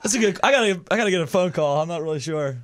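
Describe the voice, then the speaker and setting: Guest musician guy rambling fast, lots of "like", dry studio mic. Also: sits high, expressive, no echo. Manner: rambling, self-deprecating, lots of "like" and "you know". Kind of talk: casual studio chat. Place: radio studio. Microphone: studio microphone.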